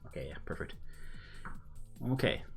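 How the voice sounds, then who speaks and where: A man's voice: normal speed, fairly bright tone, faint music behind. A young Irish man giving casual commentary on chat logs, swearing freely and laughing often, with blunt asides. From Ireland.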